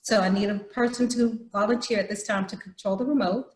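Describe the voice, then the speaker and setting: A woman's voice: mid-range voice, fairly even intonation, brisk, reverberant, poor audio. A woman leading an online youth workshop, explaining a game patiently over a video call. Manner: explains patiently, breaks into acted demonstrations. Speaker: troop program leader.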